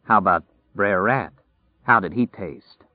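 A man's voice: fairly low pitch, measured pace, no room sound. A man doing a sly, coaxing menace. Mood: coaxing, sinister. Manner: smooth, coaxing drawl. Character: sly, menacing man playing soothing and friendly. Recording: dry, tinny phone-like sound.

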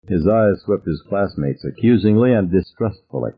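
A man narrating a novel in the first person, vivid and expressive. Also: sits low, normal speed, husky. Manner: vivid first-person storytelling, voices characters. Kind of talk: audiobook narration. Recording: narrow phone-like audio.

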